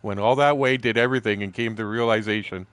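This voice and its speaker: An older Canadian man in his sixties, telling stories in a rambling, profane way while he plays. His voice sits on the low side, and he laughs easily between his tangents. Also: fairly even intonation, fast talker, a bit bright. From southern Ontario, Canada. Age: 60s. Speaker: gaming streamer. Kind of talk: casual storytelling while gaming.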